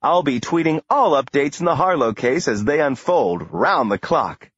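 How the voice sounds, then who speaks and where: A woman's voice: low-pitched, expressive, normal speed, slightly rough, dry recording, muffled recording, voice pushed up. A man voicing a female celebrity gossip reporter with a breathless showbiz patter. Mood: gushing.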